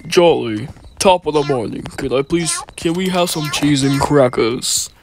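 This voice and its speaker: A man's voice: a little high, unhurried, background noise, pitched below the performer's own voice. A young male gamer putting on a joking, over-the-top fake British voice and asking for cheese and crackers. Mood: playful. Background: loud game music.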